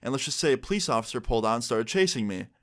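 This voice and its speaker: A man's voice: medium pitch, animated, racing. A man quoting his reckless hyped-up young friend. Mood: excited. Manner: loud, breathless, eager.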